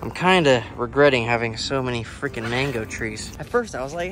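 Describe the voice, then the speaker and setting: A man's voice: medium pitch, animated, fairly quick, hardly any pauses, over music. A man chatting casually in an outdoor vlog while working around his animals, laid-back and swearing now and then. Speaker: vlogger and animal keeper.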